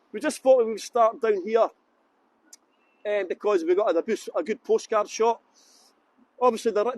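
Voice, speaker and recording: A Scottish man with a strikingly high voice guides a live virtual tour outdoors. He chats in an upbeat, rambling way, greeting viewers by name. The sound is dry and close. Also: darkish tone, no echo. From Scotland.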